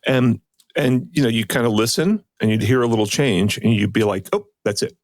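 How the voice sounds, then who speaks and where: A middle-aged man co-hosting a podcast in casual chat, animated and quick to slip into mocking impressions. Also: medium pitch, no echo, studio quality. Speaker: podcast co-host.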